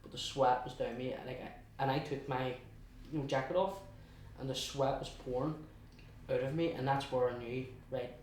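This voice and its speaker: A young man with a Belfast accent tells his story in a chatty, halting way, often restarting and slipping into quoted asides. His voice sits at an ordinary middle pitch. It is heard from a distance in a very echoey room. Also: steady tone, darkish tone, slight background noise. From West Belfast, Northern Ireland. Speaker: guest. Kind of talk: casual storytelling interview.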